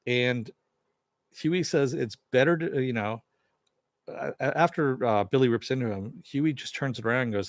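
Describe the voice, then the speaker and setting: Guy doing a chill episode recap, kinda rambly, lots of uh and you know, mid pitch, dry close sound. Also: moderate pace, no room sound. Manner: loose, rambling retelling full of fillers. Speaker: TV episode reviewer. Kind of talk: casual spoken recap.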